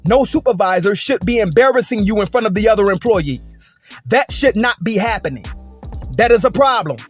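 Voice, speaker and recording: A man with a high voice tells a story from his own life and lectures in a conversational, emphatic way, repeating points and checking in with "right?" and "okay?". Faint music runs beneath his talking. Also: slightly rough. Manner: emphatic, repetitive, conversational with frequent "et cetera" and "okay?". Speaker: commentator. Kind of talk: casual storytelling rant.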